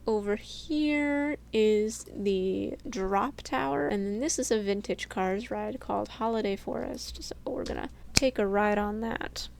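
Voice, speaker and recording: A woman's voice: mid-range voice, unhurried, vocal fry, few pauses, darkish tone, slight background noise. A young woman casually narrating a tour of her game build, chatty and self-deprecating, laughing often and sounding a little sleepy. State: sleepy, yawning. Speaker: gaming channel host. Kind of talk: casual game walkthrough voice-over.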